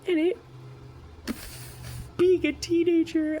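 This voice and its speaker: A young woman vlogging a personal story, slow and emotional, sometimes dropping to a whisper. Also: high-pitched, mellow, a little hiss or hum, rough recording.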